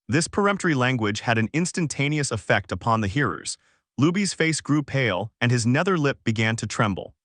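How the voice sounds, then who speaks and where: A man's voice: mid-range voice, fairly quick, dry recording. Man narrating a classic novel, dry sound. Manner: steady, formal reading. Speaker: audiobook narrator.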